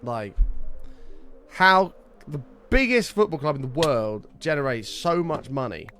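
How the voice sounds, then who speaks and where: A man's voice: fairly high pitch, big pitch swings, measured pace, a bit bright, faint music behind. A British man chatting live to his stream viewers, ranting heatedly and swearing often. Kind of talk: casual live-stream chat.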